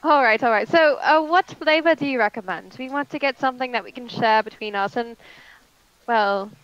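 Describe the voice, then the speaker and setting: Woman playing a chatty polite young wife, highish voice, bit muffled, lots of little uhs. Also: moderate pace, fairly bright tone, clear, resonant tone, no room sound, natural voice. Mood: cheerful. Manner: chatty, with hesitant fillers.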